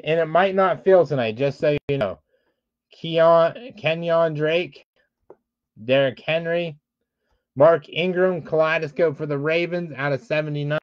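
A man's voice: a little high, slight background noise. A man hosting a live-streamed card break, calling out player names as he opens packs and explaining the shipping rules to viewers, admitting he is frustrated. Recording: dull lo-fi dry sound.

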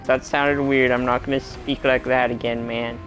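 A gaming channel host giving live gameplay commentary, talking to themself and the game and exclaiming loudly at every crash. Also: medium pitch, normal speed, soft background music. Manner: excitable, yelps and exclaims at crashes; talks to self and to the game.

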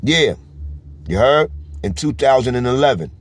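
A man's voice: medium pitch, lively intonation, moderate pace. New york guy vlogging, emphatic, tosses in "you heard?" every few lines. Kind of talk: casual street commentary.

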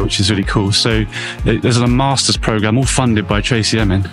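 A man's voice: on the low side, brisk, a bit bright, soft background music. A man talking as a vlogger outdoors on a town street, musing in a loose, reflective way. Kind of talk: casual walking vlog. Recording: street traffic noise behind.

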